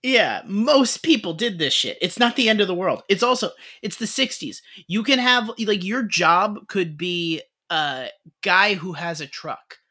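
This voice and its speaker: A woman's voice: medium pitch, lively intonation, a little slow, hardly any pauses, bright, forceful tone. A woman co-hosting a podcast, recapping a TV episode in blunt casual chat, swearing freely and saying "like" a lot. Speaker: podcast co-host.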